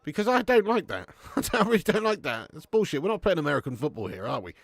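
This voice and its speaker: A man's voice: on the high side, big pitch swings, fast, vocal fry, dry recording. A young man hosting a live football watch-along, swearing and bantering with his chat. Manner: sweary banter, bursts into shouting commentary on goals.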